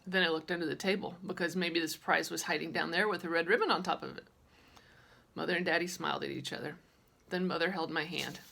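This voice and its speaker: A woman narrating a children's audiobook in a lively, childlike storytelling manner. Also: lowish voice, fast talker, creaky, a little hiss or hum. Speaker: audiobook reader.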